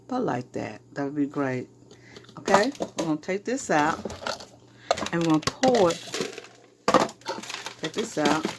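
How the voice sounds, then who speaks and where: A woman's voice: sits low, very noisy. A woman with a Southern US accent hosting a casual cooking demonstration in her home kitchen, chatting to viewers as she works. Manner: chatty, addresses viewers as y'all. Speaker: home cooking show host.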